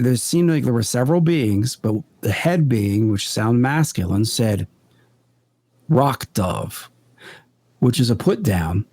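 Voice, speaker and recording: A man guest on a podcast, a paranormal investigator, telling his experiences in an earnest, deliberate way. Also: medium pitch, darkish tone, no echo. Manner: earnest, deliberate, builds stories step by step. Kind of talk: conversational storytelling in an interview.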